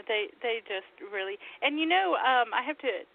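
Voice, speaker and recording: An enthusiastic woman host chatting with a guest over a tinny, phone-like line. Her voice sits a little high, and she laughs easily as she talks. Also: lively intonation, moderate pace, gravelly. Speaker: podcast host. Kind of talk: casual interview chat. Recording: tinny phone-like call audio.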